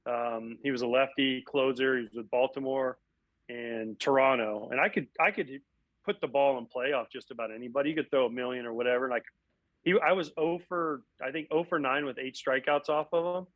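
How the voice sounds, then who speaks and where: Lively storytelling former ballplayer. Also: male voice, medium pitch, a little fast, no echo, highs cut off. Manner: animated, acts out quotes. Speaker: guest, former catcher and analyst. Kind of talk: casual storytelling interview.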